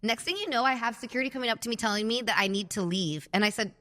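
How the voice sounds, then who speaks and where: A bright, forceful woman in her thirties chats casually as a podcast host and acts out the people in her stories with animated bursts. Her voice rings in a space with a long reverb tail. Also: on the high side, rapid-fire. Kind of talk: casual storytelling chat.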